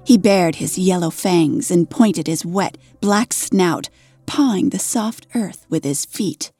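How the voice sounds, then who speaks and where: Woman narrator, erotic story, slow sultry reading, dark mellow voice, faint music under. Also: fairly low pitch, breathy edge, dry recording.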